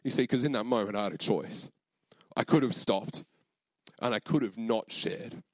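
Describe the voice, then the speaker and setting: A young man preaching in a low voice, telling a story casually and earnestly, with plenty of fillers. The sound is close and dry, with almost no room echo. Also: normal speed. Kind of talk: sermon storytelling.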